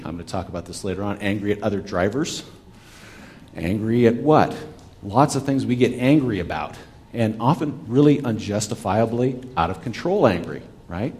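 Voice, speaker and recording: A man's voice: on the low side, a little mellow. A man giving a sermon as a pastor, talking conversationally with the congregation and asking rhetorical questions. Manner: talks back with listeners.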